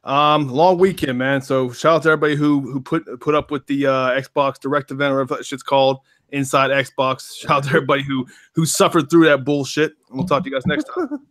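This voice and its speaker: A man on a gaming podcast panel, giving casual shoutouts with some swearing. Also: mid-range voice, fairly even intonation, a little fast.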